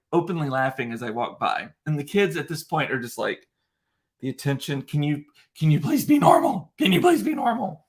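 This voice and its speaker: A middle-aged man, a podcast host, telling a story in casual chat, animated and swearing, acting out the voices of people he quotes. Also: a little high.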